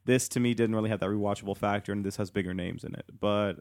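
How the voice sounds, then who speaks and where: A man in casual review chat who wanders through his thoughts, restarting sentences as he goes. His voice is on the low side, and the sound is dry. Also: steady tone, fast talker, darkish tone, no echo. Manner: rambling, hesitant, many restarts. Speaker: podcast co-host.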